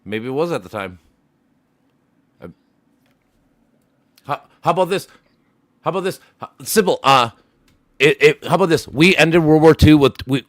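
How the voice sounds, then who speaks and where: A man's voice: mid-range voice, dry recording. Heated, swearing man arguing. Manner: argumentative, swears a lot, repeats himself. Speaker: streamer. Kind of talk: heated casual debate.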